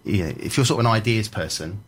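A man's voice: lowish voice, quick pace, slightly rough. A man, a media trainer and journalist, telling anecdotes in a casual podcast chat with emphatic energy.

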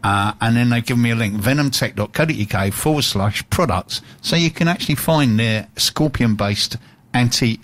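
A man's voice: mid-range voice, normal speed, a bit bright. A man with a Cockney accent co-hosting a radio show, chatting and telling jokey stories. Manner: jokey, storytelling. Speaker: radio co-host. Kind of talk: casual radio chat.

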